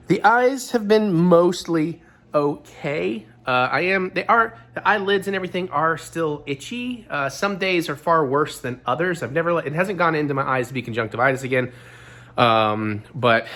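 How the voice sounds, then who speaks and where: A hoarse, gravelly-voiced man hosting a casual vlog. He talks quickly in a slightly high register and rambles with self-deprecating asides. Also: a bit bright. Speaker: vlog host.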